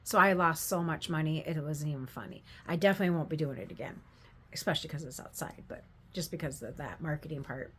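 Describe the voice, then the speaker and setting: A woman's voice: low voice, fast, a bit bright, a little hiss or hum. Older woman rambling through a candid vlog story. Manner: rambling, candid, self-deprecating, laughs while telling stories. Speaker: craft vendor vlogger.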